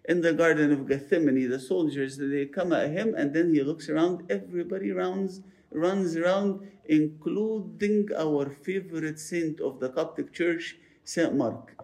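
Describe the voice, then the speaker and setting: A male priest preaching a sermon, telling saints' stories in an animated way and often repeating words as he goes. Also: fairly high pitch, unhurried, gravelly.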